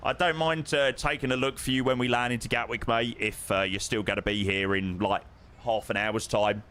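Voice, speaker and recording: A man's voice: mid-range voice, steady tone, normal speed, a bit bright, slight background noise. A young man casually chatting with his live-stream viewers while flying a sim, matey and greeting people by name.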